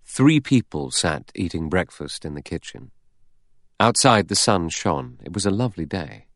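Deep-voiced male audiobook narrator. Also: sing-song, moderate pace, fairly bright tone, no echo, clean studio sound.

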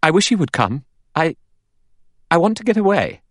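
A man's voice: mid-range voice, big pitch swings, a little fast, slightly rough, no room sound, voice pushed up. A man voicing a frightened young woman close to panic, speaking in a breathless, pleading way in an audiobook. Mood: anxious.

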